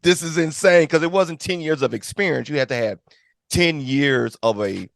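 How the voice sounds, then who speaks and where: A middle-aged man hosting a podcast, speaking relaxed and reflective about his officiating career, with quick reactions. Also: a little high, vocal fry, no echo, studio quality. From California. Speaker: podcast host. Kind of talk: casual interview chat.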